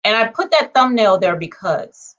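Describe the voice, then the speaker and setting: A woman vlogger speaking in a casual monologue, conversational and animated, checking in with her viewers and counting off her points. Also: normal speed, lo-fi sound. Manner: conversational, punctuates points with "okay?" and numbered lists; animated, swings between low asides and excited high bursts.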